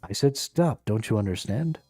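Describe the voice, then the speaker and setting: A man's voice: lowish voice, animated, moderate pace, warm tone, husky, no room sound, clean studio sound, soft background music. A man voicing a bossy, snarky stray cat that scolds and insults a hero, reading game dialogue aloud on a live stream. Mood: haughty.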